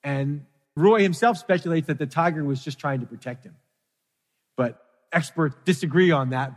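A man's voice: a little high, normal speed. Man preaching in a reverberant hall. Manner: dramatic storytelling, rising emphasis. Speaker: pastor. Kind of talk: sermon.

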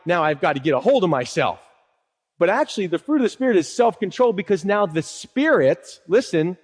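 A man pastor preaching a sermon in a conversational teaching way, quoting scripture and asking rhetorical questions. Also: fairly high pitch. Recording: long hall reverb.

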